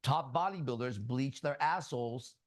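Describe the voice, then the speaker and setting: A man's voice: mid-range voice, moderate pace, no echo. A man teaching in a casual spiritual talk, blunt and crude, full of profanity as he tells stories. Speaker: ministry teacher.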